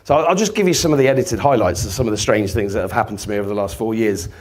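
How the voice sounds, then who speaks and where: Talking very fast in a lowish voice, this man gives a live talk full of stories. He performs the characters, including ones who shout, and doesn't hold back on profanity.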